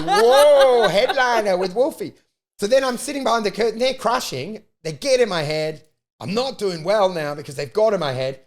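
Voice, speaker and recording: An Australian man telling a long comic story as a podcast host, swearing freely and ranting in an animated way. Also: sits high. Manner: profane, animated, rant-like storytelling. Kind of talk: casual comedic storytelling.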